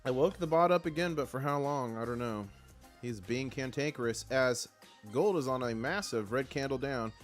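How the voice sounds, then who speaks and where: A man hosting a casual live stream with excited market commentary, rallying his chat and reading out their comments. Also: medium pitch, normal speed, soft background music.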